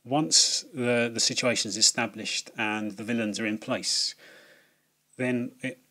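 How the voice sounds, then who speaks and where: A man's voice: medium pitch, steady tone, measured pace, pushed and bright. A man giving a casual, rambling film review, full of fillers, restarts and swearing.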